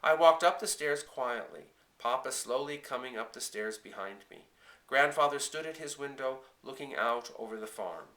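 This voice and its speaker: A man narrating a storybook in the first person, gentle and measured, with phrases that trail off softly. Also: medium pitch, expressive. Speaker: audiobook reader.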